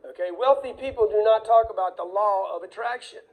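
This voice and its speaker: Man, higher pitch, mellow tone; blunt motivational speaker who hammers warnings and acts out dialogue. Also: a little fast, rough recording. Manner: emphatic, blunt, repeats warnings; acts out dialogue in quoted voices. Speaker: speaker on wealth. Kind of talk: motivational talk.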